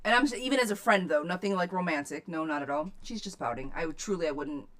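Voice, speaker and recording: A woman with a somewhat low voice hosts a live tarot reading and reads out questions from her chat. Her answers are blunt and outspoken, with plenty of casual swearing. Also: expressive, fast talker, fairly bright tone. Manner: reads viewer questions aloud, then answers them. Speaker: tarot reader.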